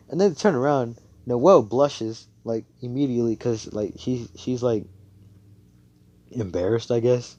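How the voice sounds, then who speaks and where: A man's voice: medium pitch, measured pace, dark tone, lo-fi sound. A young man casually telling a fan-fiction story over a voice chat mic, rambling and cursing, full of "like" and "you know".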